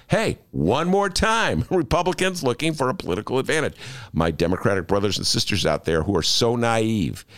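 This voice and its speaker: A man co-hosting a live talk show, arguing politics with emphatic, heated delivery. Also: no echo. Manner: animated, emphatic, rises in pitch when riled. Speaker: co-host. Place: radio studio.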